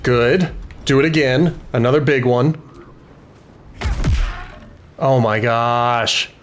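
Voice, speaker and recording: A man with a mid-pitched voice talks at an easy, slow pace while playing a game. He thinks through each tactical choice aloud and cheers on his party members between turns. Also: slight background noise. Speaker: gaming video host. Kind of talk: let's-play commentary.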